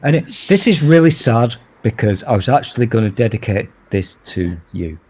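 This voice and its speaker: A man on a livestream call puts on a mock-grand, self-important tone for laughs. His voice sits at an ordinary middle pitch. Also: sing-song, moderate pace, a little mellow, husky. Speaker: guest. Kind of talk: casual livestream chat.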